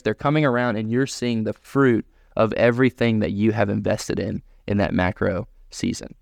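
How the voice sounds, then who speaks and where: A man's voice: on the low side, steady tone, moderate pace, vocal fry, hardly any pauses, no echo, clean studio sound. A man who preaches a sermon as a pastor in a chatty way and keeps asking "right?". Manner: conversational, often asking "right?".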